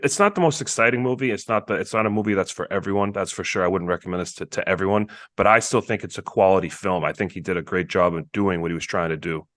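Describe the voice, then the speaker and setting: Low-ish voiced guy on a movie podcast, says like a lot, dry sound. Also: a bit bright, dry recording. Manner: chatty, lots of "like" and quick agreement. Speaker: podcast co-host. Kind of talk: casual movie review chat.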